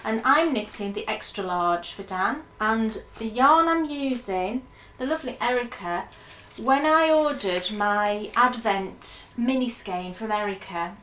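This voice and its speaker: Brief: enthusiastic woman podcast host, casual rambling chat, slightly high voice. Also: animated, unhurried, fairly bright tone, echoey room.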